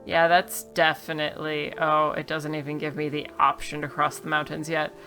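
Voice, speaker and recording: A woman's voice: deep voice, completely flat delivery, normal speed, sharp tone, soft background music. A woman giving casual, wry commentary on a game she is playing, reading the dialogue aloud and joking about it. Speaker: let's play streamer.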